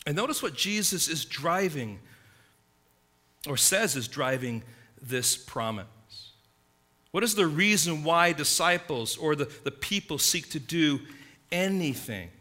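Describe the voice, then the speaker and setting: A man preaching a sermon, emphatic, swinging between loud stresses and hushed asides. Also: on the high side, animated, a little slow. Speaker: pastor.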